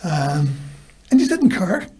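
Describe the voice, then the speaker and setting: A man's voice: on the high side, sing-song, takes it slowly, dark tone, breathy edge. A man with a Northern Irish accent, a podcast guest telling casual stories and acting out the lines people said to him. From Belfast, Northern Ireland. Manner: anecdotal, acts out quoted lines. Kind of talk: casual storytelling.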